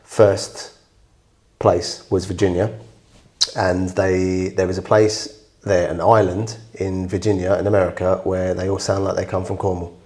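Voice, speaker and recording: A man's voice: sits low, level tone, a little slow, darkish tone. A man co-hosting a podcast in casual chat, teasing with dry jokes and swearing freely. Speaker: podcast co-host.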